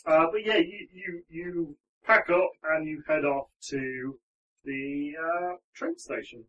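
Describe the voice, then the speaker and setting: A man runs a tabletop game, narrating in a loose, rambling way. His voice is bright and sits a little high. He sounds distant from the microphone. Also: slow pace, dull audio. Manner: rambling, with frequent ums and restarts. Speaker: game master.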